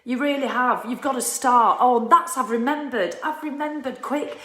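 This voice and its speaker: A woman giving a casual, animated motivational talk, ranting and swearing freely and laughing at herself. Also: high-pitched, moderate pace, roomy sound. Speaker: motivational vlogger.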